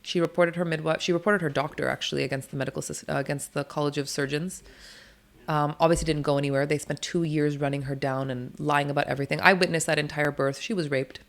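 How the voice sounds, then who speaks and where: Fast-talking, low-voiced woman. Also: creaky. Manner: blunt, emphatic, swears freely; rapid, run-on storytelling. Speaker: doula, interview guest. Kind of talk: candid storytelling interview.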